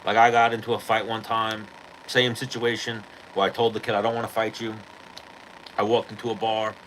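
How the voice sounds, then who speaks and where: A man's voice: lowish voice, level tone, fairly quick, a bit bright, a little hiss or hum, rough recording. A male podcast host telling a rambling, profane story in casual chat.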